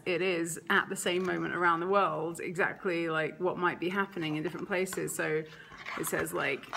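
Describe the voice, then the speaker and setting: A woman's voice: on the low side, creaky, fairly bright tone. A woman talking casually as a mother in a home vlog, chatty and rambling with lots of "like" and "um". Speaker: mother vlogger.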